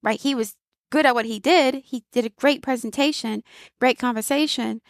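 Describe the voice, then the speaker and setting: A woman hosts her own channel, giving casual spoken commentary in a fairly high voice. She reflects aloud, piles up repeated phrases for emphasis and lets small laughs slip in. The sound is close and dry, with no room around it. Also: normal speed, no echo. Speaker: video host.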